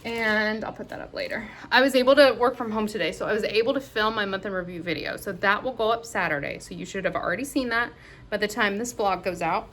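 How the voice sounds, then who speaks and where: A woman vlogger chatting casually to her viewers in a gushing, excitable way, often gasping. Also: mid-range voice, fast talker. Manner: gushing and excitable, with frequent gasps. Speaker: crafting vlogger. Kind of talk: casual vlog chat.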